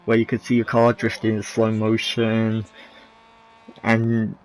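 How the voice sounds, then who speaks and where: A man's voice: on the low side, completely flat delivery, unhurried, a little hiss or hum, low-quality recording. A man giving casual, rambling commentary over racing game footage, candid and often correcting himself mid-sentence. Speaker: gaming video creator.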